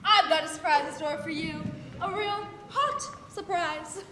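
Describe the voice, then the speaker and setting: A woman playing a cruel, gloating wicked witch in a children's stage play, menacing and shouting threats, recorded from far off in an echoey hall with an audience. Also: very high-pitched, unhurried, background noise. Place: school auditorium stage with live audience.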